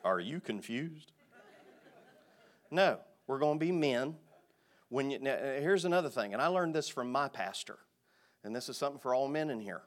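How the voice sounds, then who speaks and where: A male pastor delivering a sermon, speaking emphatically and swinging from quiet asides to loud, stressed phrases. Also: mid-range voice, animated, moderate pace, pauses often.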